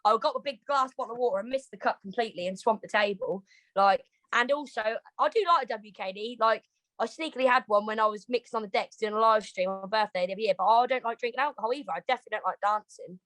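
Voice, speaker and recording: A woman with a British accent, a boxer talking as an interview guest on a video call, rapid, animated and swearing heavily. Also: fairly high pitch, dry recording, low-quality recording. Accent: British English. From Britain. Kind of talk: casual interview chat.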